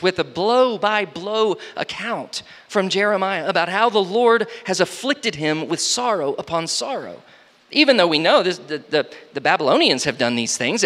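A man preaching a sermon, reading scripture slowly and then explaining it with rising emphasis and frequent restarts. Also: high-pitched, fairly bright tone. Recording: long hall reverb.

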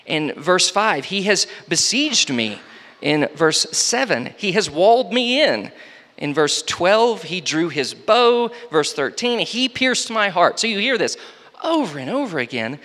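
A man preaching a sermon, reading scripture slowly and then explaining it with rising emphasis and frequent restarts. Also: high voice, big pitch swings, bright, forceful tone. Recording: long hall reverb.

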